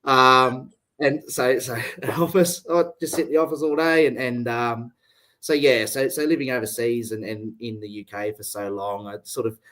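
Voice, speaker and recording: Young male guest, Australian accent with British tinge, relaxed and chuckly, video call. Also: medium pitch, normal speed. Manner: laid-back, chuckling often. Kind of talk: casual interview chat.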